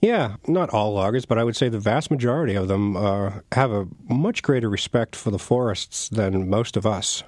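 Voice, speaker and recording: A man's voice: lowish voice, normal speed, hardly any pauses, darkish tone, no room sound, clean studio sound. A middle-aged man, an author talking casually in an interview, rambling and chuckling. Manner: rambling, with many restarts and chuckles. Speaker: author guest.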